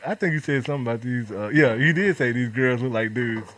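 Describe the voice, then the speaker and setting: A man's voice: mid-range voice, quick pace, fairly bright tone. A man co-hosting a casual chat, teasing the others in slang and laughing. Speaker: podcast co-host.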